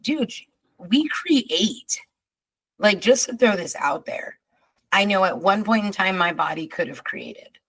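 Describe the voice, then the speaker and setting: A woman hosting a podcast in casual chat, talking in an emphatic, expressive way with drawn-out asides. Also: medium pitch, poor audio. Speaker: podcast host.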